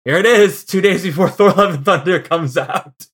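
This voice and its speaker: A man co-hosting a podcast in casual chat, hoarse from illness, joking and laughing often. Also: sits high, normal speed, fairly bright tone. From Chicago. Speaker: podcast co-host.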